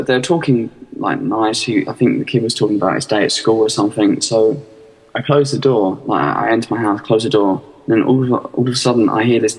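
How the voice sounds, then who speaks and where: A man's voice: on the low side, slightly rough, in a large hall, low-quality recording. A man, a podcast guest, telling a story in casual chat, hesitant and rambling with lots of fillers.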